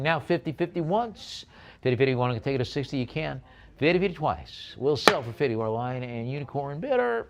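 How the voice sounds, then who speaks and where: A man working as an auctioneer, calling bids briskly and adding chatty asides about each lot. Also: medium pitch, vocal fry. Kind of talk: live auction bid calling.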